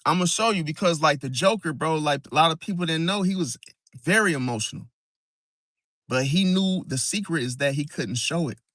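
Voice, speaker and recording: A man's voice: fairly high pitch, normal speed, a bit bright, no echo. Emphatic slangy man, dry close sound. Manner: emphatic, slangy, keeps asking "see?" and saying "bro"; restarts and repeats words while explaining. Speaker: astrology video host. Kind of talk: casual monologue to camera.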